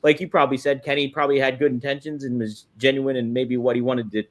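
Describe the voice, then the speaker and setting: Male co-host, relaxed and agreeable, middle pitch. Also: fast. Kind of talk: casual live-stream chat.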